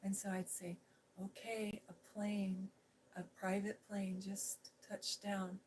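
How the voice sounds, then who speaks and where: A middle-aged woman recounting a memory in a soft, hushed storytelling voice. She slips now and then into near-whispers. There is a faint hiss in the background. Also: medium pitch, flat delivery, slow pace, poor audio. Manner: gentle, hushed, drifting into whispers. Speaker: ASMR host.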